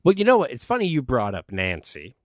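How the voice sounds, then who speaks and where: A man co-hosting a casual comedic podcast, joking around, animated and swearing often. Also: mid-range voice, fairly quick, no room sound, clean studio sound. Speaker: podcast co-host.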